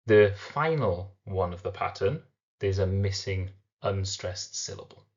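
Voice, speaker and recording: A man teaching a recorded literature lesson, explaining step by step and slowing down to sound out syllables. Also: deep voice, animated, darkish tone, muffled recording.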